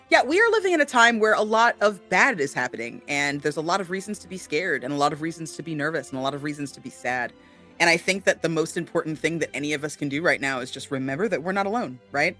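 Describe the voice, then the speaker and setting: A man with a rather high, bright and forceful voice co-hosts a casual talk show. He talks earnestly, with plenty of filler words. Faint music plays behind him. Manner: earnest, many fillers, warm shout-outs. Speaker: co-host. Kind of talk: casual chat.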